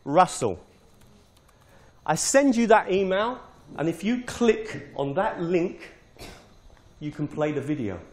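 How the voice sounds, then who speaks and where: A man's voice: on the high side, sing-song, slow pace, pauses often. A middle-aged British man, a teacher trainer, giving an informal step-by-step live demonstration of a teaching tool. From Britain.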